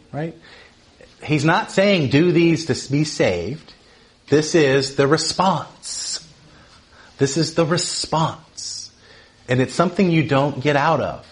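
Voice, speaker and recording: A man teaching from the Bible in an easy, talkative way. He keeps checking in with "right?" and his voice climbs when he drives a point home. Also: slow. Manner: animated, often asks "right?", rises in pitch for emphasis.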